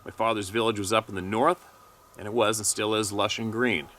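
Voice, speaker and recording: A man with a fairly low voice and a bright, forceful tone reads a submitted first-person account aloud. His delivery is steady, with the odd stumble and quick self-correction. A faint hiss sits behind him. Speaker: channel host reading a listener's story.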